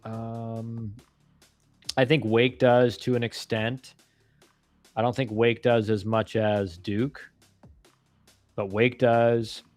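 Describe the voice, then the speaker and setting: A laid-back man chatting on his live stream, with a mid-range voice that is neither high nor low. His delivery rambles with slang and restarts. The sound is dry and close, with faint music underneath. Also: little pitch movement, takes it slowly, long pauses, darkish tone, no echo. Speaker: live-stream host, former college ballplayer. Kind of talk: casual live-stream chat answering viewer questions.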